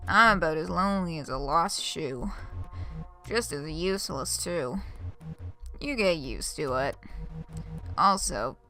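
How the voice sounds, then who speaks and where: Woman doing a lonely tired ghost lady, slow flat delivery, kinda gravelly, faint music behind. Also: deep voice, pitched below the performer's own voice, heavily acted. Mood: melancholy. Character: weary female ghost aide, lonely.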